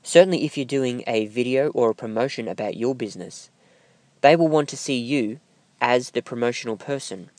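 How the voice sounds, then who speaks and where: Slow, deliberate male voice coach. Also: medium pitch, a little mellow, dry recording. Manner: slow, deliberate, with emphatic pauses. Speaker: voiceover instructor. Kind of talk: instructional talk to camera.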